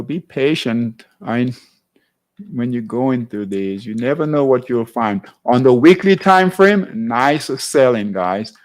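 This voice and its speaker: A man hosting a live trading class, walking through charts in a conversational way and often checking in with his viewers. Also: mid-range voice. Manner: conversational, keeps checking in with "all right?". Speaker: trading show host.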